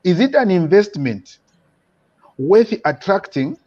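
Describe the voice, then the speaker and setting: A man hosting a talk show, putting questions to his guest with many fillers and pauses. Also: sits high, very animated, no room sound, highs cut off. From Zambia.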